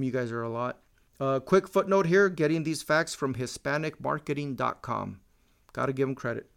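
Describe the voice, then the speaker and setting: A man in his forties runs a loose, solo podcast monologue. He jokes, swears constantly and slips in Spanish words as he talks. His voice sits at an ordinary middle pitch for a man. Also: creaky, clean tone. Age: 40s. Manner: profane, joking, drops Spanish words. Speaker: podcast host.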